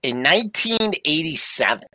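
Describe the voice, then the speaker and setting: An older man co-hosting a markets show, telling an old trading story in a casual, animated way. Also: on the high side, normal speed, no echo. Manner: storytelling, animated when quoting. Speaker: co-host. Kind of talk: casual chat.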